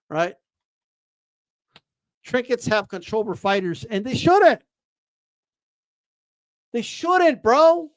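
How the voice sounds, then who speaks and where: Heated high-voiced man ranting, very dry. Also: no room sound. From Texas. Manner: profane, heated, many restarts and filler "like"; mocks others in quoted voices. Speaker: boxing commentator. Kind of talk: casual livestream rant.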